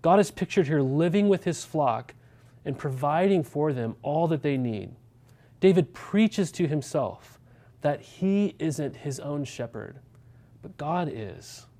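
A man preaching a sermon, his voice set a little high for a man but mellow and warm in tone. He talks to the congregation directly, firing off rhetorical questions and tagging points with a quick "right?". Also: animated. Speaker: pastor.

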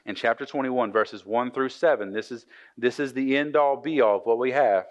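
A man in mid-range pitch gives a relaxed, joking sermon, retelling scripture like a chat with friends. He restarts his sentences often. The recording sounds slightly dull and lo-fi. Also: moderate pace. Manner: conversational, joking, frequent restarts. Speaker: preacher.

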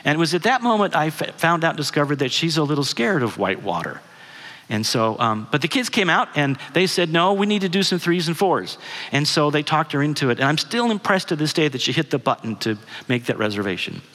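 This middle-aged man, a guest speaker delivering a sermon, tells a family story conversationally and poses questions to the audience. His voice sits on the high side, sing-song and a bit bright, moving fairly quickly. A long hall reverb colors the recording.

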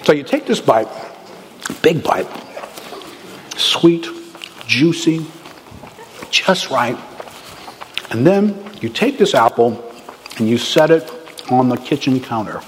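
Man, pastor, lively conversational sermon, mid-pitched voice, long reverb, faint room noise. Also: takes it slowly, pauses often. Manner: lively, conversational, with bursts of excitement. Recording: reverberant hall with faint ambience.

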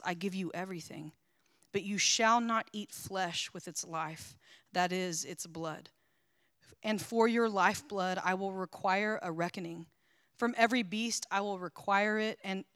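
A woman reading a scripture passage aloud in church in a measured, even way. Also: mid-range voice, no echo, clean studio sound. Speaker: scripture reader.

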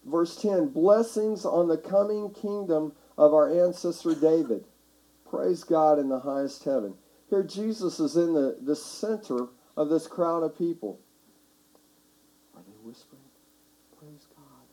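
Male pastor, mellow timbre, slightly high voice, conversational sermon delivery. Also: measured pace, rough recording. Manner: conversational, builds to shouting for emphasis. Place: church sanctuary.

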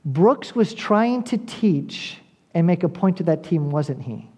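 Preacher, mid-pitched and mellow, earnest sermon delivery with direct, repetitive appeals. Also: lively intonation, takes it slowly, breathy edge, highs cut off. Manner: addresses listeners directly. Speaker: pastor.

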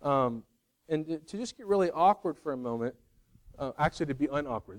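A man's voice: a little high, animated, brisk. A middle-aged man giving a sermon, conversational with self-deprecating humor and acted-out quotes. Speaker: pastor.

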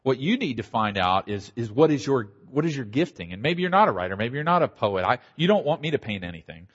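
A middle-aged man, a pastor, giving a conversational conference talk with quick asides and a slight Southern accent. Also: mid-range voice, sing-song, slightly rough. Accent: slight Southern American. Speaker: pastor and church planter. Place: conference hall. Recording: dull audio in a large hall.

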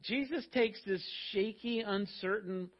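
A man preaching a sermon, telling a story in an animated, conversational way. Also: high voice, measured pace, muffled recording. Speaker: pastor.

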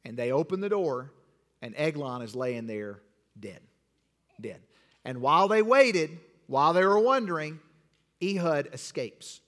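A man teaching children a Bible lesson, acting out the story and directing the kids with quick, repeated commands. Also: a little high, expressive, a bit bright. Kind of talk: interactive acted-out Bible lesson. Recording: long hall reverb.

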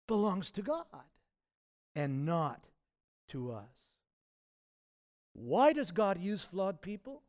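A man preaching a sermon in a conversational, animated way, with loud emphatic peaks and asides. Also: a little high, unhurried, pauses often. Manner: conversational, with fillers and restarts. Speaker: pastor.

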